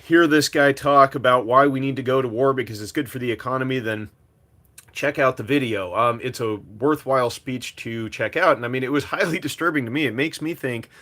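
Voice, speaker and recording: A man talks straight to his audience as host of a commentary video, at an ordinary middle pitch. His delivery is loose and conversational, full of filler words. It sounds like off-the-cuff commentary rather than a script. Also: a little fast, pushed and bright. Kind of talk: casual commentary monologue.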